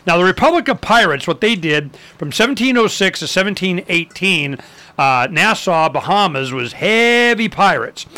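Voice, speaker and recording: Bright, lively man telling history. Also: high-pitched, normal speed. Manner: animated storyteller, acts out quotes, many fillers. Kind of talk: casual history talk.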